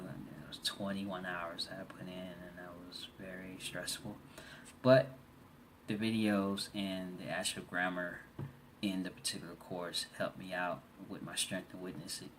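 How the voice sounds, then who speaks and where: A man with a very low voice records a reflection for a class discussion forum. He speaks haltingly, often restarting his phrases and reading quotes aloud. A faint room hum sits behind him. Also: fairly bright tone. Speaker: student.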